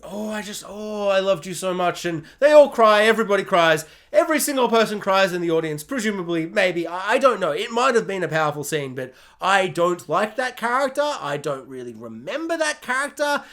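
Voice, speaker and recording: A man's voice: sits high, sing-song, fairly quick, hardly any pauses, a bit bright. Sarcastic rambling man reviewing a show. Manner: sarcastic, rambling, bursts into silly mock voices. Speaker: TV series reviewer. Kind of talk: comedic spoiler review monologue.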